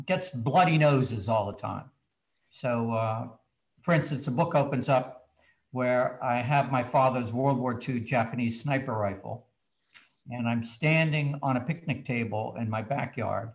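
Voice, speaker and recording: An older man tells a story from his own childhood, with energy and an easy, talky rhythm. He drops to a hushed voice when the tale turns tense. His pitch sits in a middle range. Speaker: children's author. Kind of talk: storytelling to students. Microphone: video call.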